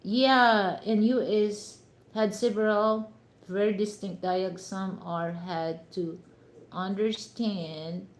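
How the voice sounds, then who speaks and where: A woman's voice: mid-range voice, steady tone, slow. A Filipino woman with a Filipino accent hosting a casual live chat with viewers. She talks chattily and leans on "you know" fillers. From Philippines. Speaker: live stream host. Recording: roomy echo, faint ambience.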